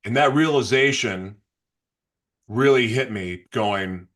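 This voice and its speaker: A man telling his personal story as an interview guest, halting and restarting, sometimes reliving his past outbursts. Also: mid-range voice, a bit bright. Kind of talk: emotional personal testimony.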